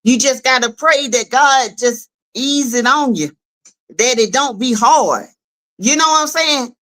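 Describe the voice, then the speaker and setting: A woman with a Southern US accent giving animated, casual livestream commentary on a web skit series, talking straight to viewers. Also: high-pitched, measured pace. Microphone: streaming setup.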